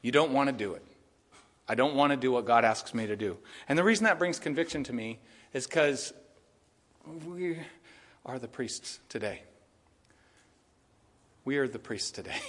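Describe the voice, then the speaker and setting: A man preaching a sermon in a church, rising loud for rebukes and dropping quiet to mock excuses. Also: mid-range voice, in a large hall. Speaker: pastor. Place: church sanctuary.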